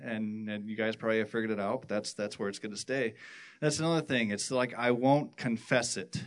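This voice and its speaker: A man from the worship team giving a personal testimony at church, rambling and halting with many restarts. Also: on the low side, steady tone.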